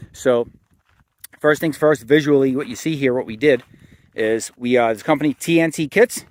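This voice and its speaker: A married adult with a son hosts his own channel in a casual walkaround vlog, rambling a bit with fillers and restarts. His voice is medium-pitched with a darkish tone.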